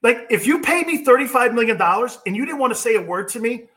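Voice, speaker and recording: A man's voice: extremely high pitch, expressive, fast, fairly bright tone. A middle-aged man hosting a sports talk show, brash and mocking as he rants about quarterbacks. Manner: brash, mocking, puts on whiny impressions. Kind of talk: opinionated sports talk monologue.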